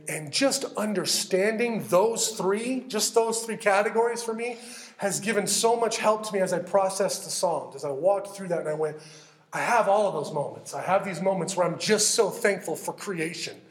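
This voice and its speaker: A man preaching a sermon, animated and conversational, acting out heartfelt prayers as he teaches. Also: a little high, echoey room. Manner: animated, acts out prayers in character. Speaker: pastor.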